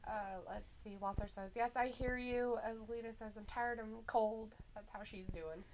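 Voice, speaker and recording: A woman's voice: fairly high pitch, fairly even intonation, normal speed, slight background noise, rough recording. A woman co-hosting a live stream in casual chat, giggling often and reading viewers' messages aloud. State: slight headache.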